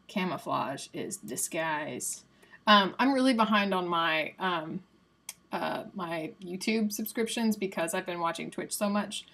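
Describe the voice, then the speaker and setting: A woman's voice: medium pitch, a bit bright. A woman from the United States hosting a livestream in a chatty, casual way, reading quiz answers aloud and laughing often. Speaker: livestream host.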